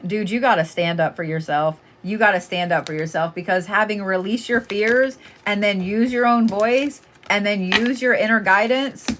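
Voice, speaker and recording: A woman's voice: medium pitch, lively intonation, a little slow, a bit bright, a little hiss or hum. A woman giving casual live oracle card readings, blunt and chatty, swearing freely as she talks to callers.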